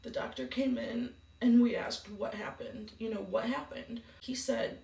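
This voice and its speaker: Woman, gravelly, subdued grief, echoey room, distant mic. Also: steady tone, unhurried, mellow. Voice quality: gravelly low voice. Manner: subdued, grief-stricken telling. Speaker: vlogger. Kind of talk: personal storytelling to camera.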